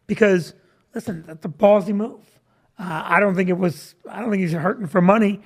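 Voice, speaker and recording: A man's voice: sits high, normal speed. A middle-aged male comedian hosts a casual chat. He tells stories with a wry, self-deprecating humor and an easy conversational flow. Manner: joking, self-deprecating storyteller. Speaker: comedian and host.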